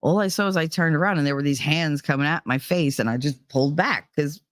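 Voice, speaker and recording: Telling a candid, profane personal story on her own vlog, a woman voices the people in it through quoted dialogue. She speaks briskly in a low-sitting voice, recorded dry at studio quality.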